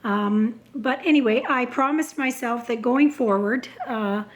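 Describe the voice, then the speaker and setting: A woman's voice: a little high, unhurried. Chatty woman with a failing voice. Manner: chatty, many filler words and restarts. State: losing her voice. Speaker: crafter showing her handmade journal. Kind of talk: casual show-and-tell vlog.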